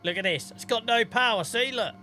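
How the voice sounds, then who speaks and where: Bright-voiced game streamer. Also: male voice, very high voice, brisk, a little hiss or hum. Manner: chatty, swears, thanks viewers by name. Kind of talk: casual live-stream chat.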